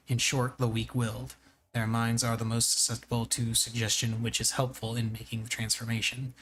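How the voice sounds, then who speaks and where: A man's voice: mid-range voice, a bit bright, natural voice. Brief: dry, knowing game lecturer, read by a man, faint room noise. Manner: wry, explanatory.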